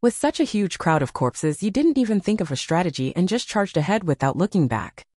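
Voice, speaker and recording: A woman's voice: lowish voice, sing-song, brisk, darkish tone, dry recording, studio quality. A woman voicing a brash, teasing young man surviving the apocalypse in an audiobook. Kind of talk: audiobook character voice.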